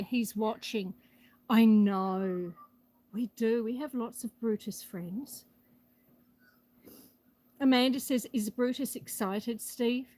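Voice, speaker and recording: Outdoors on her rural property, a homestead livestream host chats on a handheld phone, a bit out of breath, reading viewer comments aloud. Her voice is on the high side with a darkish tone, and the low-quality recording has a little hiss or hum.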